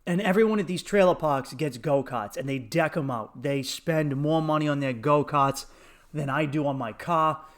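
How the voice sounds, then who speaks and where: A comedian hosting his own podcast, telling a story in a fairly high voice. He swears freely and laughs through his lines. He acts out little bits of dialogue as he goes. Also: moderate pace. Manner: profane, laughing, animated retelling with acted quotes.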